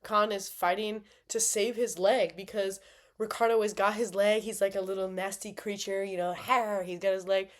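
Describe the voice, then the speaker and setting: Bubbly woman doing a casual fight recap, playful and kinda dramatic, normal pitch. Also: steady tone, normal speed. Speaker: MMA fan reviewer.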